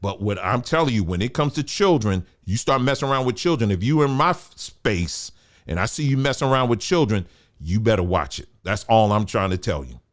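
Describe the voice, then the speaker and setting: Fairly quick, with a lowish voice and lively intonation, a man hosts a commentary show. He preaches emphatically, leans on repeated phrases, and calls those listening family.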